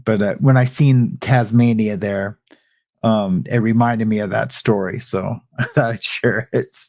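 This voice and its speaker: A middle-aged man hosts a livestream in a lowish, slightly mellow voice with vocal fry, fairly even intonation and a somewhat slow pace. Chatting casually with his audience, he slips into a rambling story full of restarts and asides.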